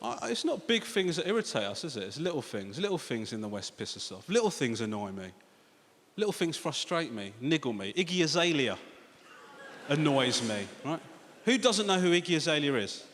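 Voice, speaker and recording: A man with an English accent doing a stand-up comedy set on a large theatre stage, animated and swearing, with mocking asides to the crowd. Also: fairly high pitch, moderate pace. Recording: roomy live theatre recording with loud crowd noise.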